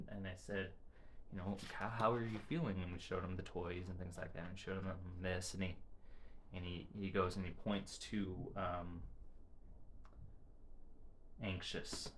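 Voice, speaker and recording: A man giving a casual vlog update about his family, talking in halting phrases and often restarting them, into a camera he adjusts himself. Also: sits low, fairly bright tone, a little hiss or hum.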